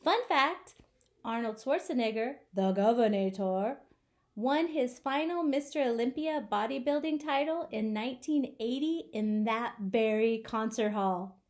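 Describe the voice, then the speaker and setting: A woman's voice: fairly high pitch, a little slow, a little mellow. A young woman from the United States hosting a travel vlog in playful, jokey scripted narration with theatrical asides. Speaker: vlog host.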